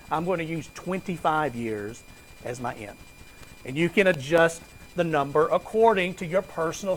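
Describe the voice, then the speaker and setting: A man's voice: fairly high pitch, slight background noise, poor audio. Chatty man lecturing a class. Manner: conversational, asks students questions and jokes. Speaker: finance lecturer.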